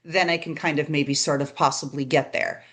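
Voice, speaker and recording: A woman hosting a podcast, chatting in an animated way and tossing in quick "right?" asides. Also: low-pitched. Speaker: podcast host. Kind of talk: casual podcast chat.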